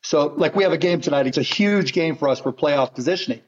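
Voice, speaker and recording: A man's voice: on the high side, fast. Blunt middle-aged man, muffled audio. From Pittsburgh, USA. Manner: blunt, anecdotal storyteller. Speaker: guest. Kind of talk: casual conversation.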